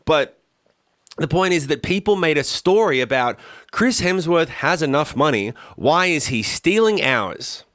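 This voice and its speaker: A man's voice: a little high, lively intonation, a little slow, a bit bright, dry recording, clean studio sound. An Australian man co-hosting a podcast, telling stories in a casual, profane, ranting way. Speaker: podcast co-host.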